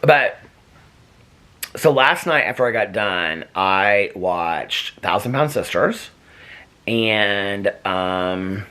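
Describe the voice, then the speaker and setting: A man's voice: on the low side, animated, extremely slow, bright, forceful tone. An American man vlogging at home in a rambling, chatty way, talking to his dog. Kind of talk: casual chat. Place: home, indoors. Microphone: camera.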